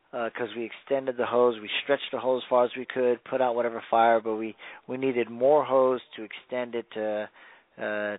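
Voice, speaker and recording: A man's voice: medium pitch, no room sound. Man telling a story over a tinny phone line. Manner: rambling, many fillers and restarts. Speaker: firefighter guest on a radio talk show. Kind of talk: casual storytelling.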